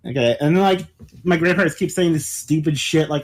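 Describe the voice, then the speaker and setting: A man's voice: on the high side, brisk. A man in casual podcast chat, animatedly telling a story, laughing often and swearing a lot. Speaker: podcast co-host.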